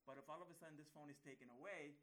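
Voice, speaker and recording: Animated, conversational male preacher. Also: on the high side, rapid-fire, poor audio. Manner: animated storytelling, acts out quotes; conversational, asks rhetorical questions. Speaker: pastor. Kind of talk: sermon.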